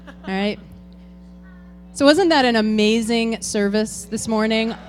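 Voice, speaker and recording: Chatty higher-voiced woman hosting a ceremony. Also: measured pace, slight background noise. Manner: chatty and informal, talking straight to the crowd. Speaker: board president hosting a farewell tribute. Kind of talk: ceremony address to a congregation. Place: church hall with an audience.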